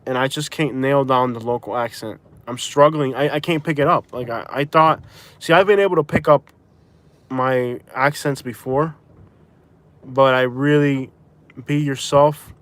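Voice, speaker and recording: A man's voice: mid-range voice, measured pace, fairly bright tone. A man from Florida talks from the driver's seat of a car during a live stream. He rambles loosely, stops and restarts his sentences, and sounds tired from a migraine. His voice sits in an ordinary middle range. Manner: rambling, self-correcting, chatty. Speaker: vlogger. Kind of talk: casual live-stream chat. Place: inside a vehicle.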